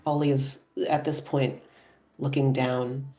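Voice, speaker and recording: Soft-spoken woman tabletop player. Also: very deep voice, flat delivery, unhurried, soft background music. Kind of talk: narrating her character's actions.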